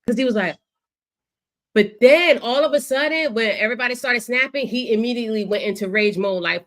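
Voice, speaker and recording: A woman co-hosting a sports podcast in casual chat, animated and profane, acting out what players said. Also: on the high side, fairly quick. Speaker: podcast co-host.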